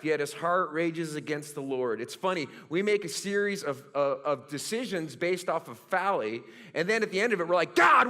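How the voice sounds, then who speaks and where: A middle-aged male pastor preaching a sermon, telling stories with animated, self-mocking humor. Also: a little high.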